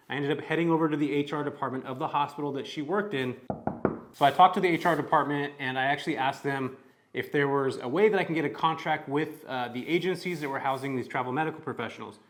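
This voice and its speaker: Young Californian guy, casual upbeat vlogger, mid-pitched and chatty. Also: fairly bright tone. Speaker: real estate vlogger. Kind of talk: casual vlog to camera.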